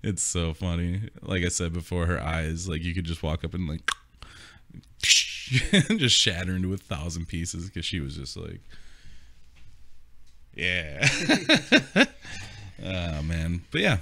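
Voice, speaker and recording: The podcast co-host's low voice sounds bright and forceful, with vocal fry and a measured pace. This young man tells rambling stories in casual chat, laughing a lot and cursing casually.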